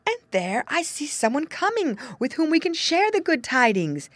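A clever rooster from a fable, as a woman reader puts him on, sounding innocent while he teases. The voice is high and moves about a lot. It is recorded close and dry. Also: sing-song, normal speed, dry recording. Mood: mock-innocent. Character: wary, wily male rooster. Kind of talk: storybook reading.

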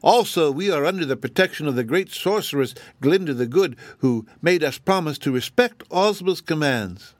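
A man's voice: a little high, expressive, normal speed, few pauses, no echo, voice pushed up. A man voicing a sober, pompous male white rabbit gatekeeper who speaks sharply and doubtingly in a storybook reading.

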